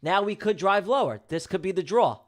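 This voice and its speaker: Higher-pitched man, slangy live-stream banter. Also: animated, fairly quick. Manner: slangy, emphatic, repeats himself; jokey banter with viewers. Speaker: live day-trading streamer. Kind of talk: casual live-stream commentary to chat.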